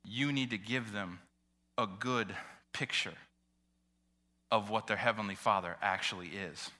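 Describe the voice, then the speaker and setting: A young man preaching a sermon, earnest and emotional, swinging between loud swells and quiet drops. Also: on the low side, unhurried. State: tearing up. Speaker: pastor.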